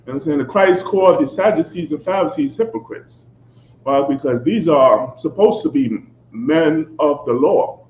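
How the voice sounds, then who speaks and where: A man preaching a fiery sermon, emphatic and confrontational, constantly checking "you understand?" and swinging between loud outbursts and low asides. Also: normal speed, slight background noise. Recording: echoey, dull, slightly lo-fi with faint ambience.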